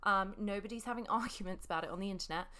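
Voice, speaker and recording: A woman's voice: medium pitch, racing, bright, forceful tone. A woman co-hosting a casual podcast, hesitant with many ums, spelling words out. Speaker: podcast co-host. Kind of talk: casual chat.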